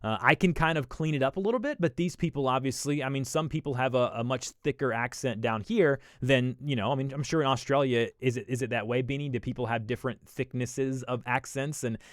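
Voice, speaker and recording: A man's voice: medium pitch, a little fast, hardly any pauses, no echo, studio quality. A young man with a Southern American accent, chatting casually with viewers on a livestream while he edits video, rambling and restarting his sentences. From Southern United States. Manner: chatty, thinks aloud, frequent restarts and fillers. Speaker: livestream host.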